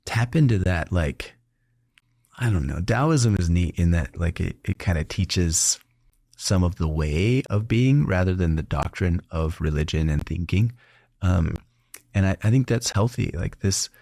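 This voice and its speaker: A man's voice: deep voice, vocal fry, dry recording, studio quality. A middle-aged man hosting a casual interview, telling stories with lots of laughter and acting out the voices of people he quotes. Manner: animated storyteller who laughs often and acts out quotes. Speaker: doctor and podcast host.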